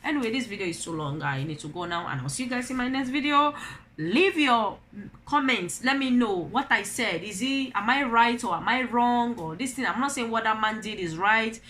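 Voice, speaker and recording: A woman's voice: on the high side, expressive, normal speed, fairly bright tone, slight background noise. A middle-aged Nigerian woman and mother, talking to camera in an opinion vlog, telling stories animatedly and asking rhetorical questions. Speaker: vlogger, mother.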